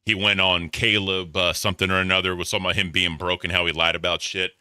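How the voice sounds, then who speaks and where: A man hosting casual commentary, offhand and opinionated, often trailing off into quiet mutters. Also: sits low, flat delivery, fast talker, clean tone, dry recording, studio quality. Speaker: commentary host.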